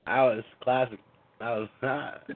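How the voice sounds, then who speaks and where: A man's voice: medium pitch, flat delivery, unhurried. A man chatting casually and enthusiastically praising someone on a call. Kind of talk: casual chat. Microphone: video call. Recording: phone-like call line with faint noise.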